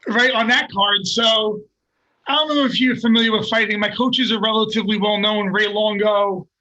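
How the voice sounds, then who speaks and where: An older man, a fighter, telling a story in casual, profane, animated bursts and laughing along the way. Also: high-pitched, moderate pace, poor audio. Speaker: guest fighter.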